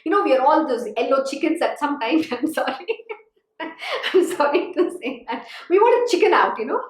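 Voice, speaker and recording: A woman's voice: high voice, lively intonation, normal speed. A woman spiritual teacher giving a devotional discourse, earnest and exhorting, often saying "you know". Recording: echoey room.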